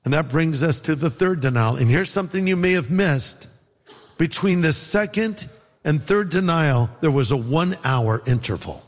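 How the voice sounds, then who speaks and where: A man's voice: fairly high pitch, animated, moderate pace, in a large hall. A man from California with a Californian accent, preaching a sermon in a conversational style full of rhetorical questions. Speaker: pastor.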